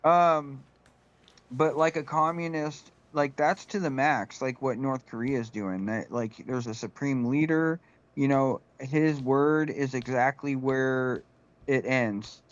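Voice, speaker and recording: Guy rambling on a podcast, says like a lot, smooth voice, kinda dull lo-fi sound. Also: medium pitch. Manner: rambling, halting, full of "like" and "you know". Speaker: podcast co-host. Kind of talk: casual political chat. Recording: slightly muffled lo-fi recording.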